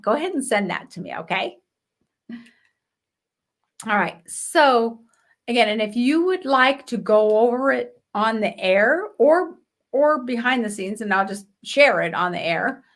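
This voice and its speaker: A woman's voice: mid-range voice, fairly bright tone. A woman hosting a live business show, teaching marketing in a chatty, direct way with rhetorical questions.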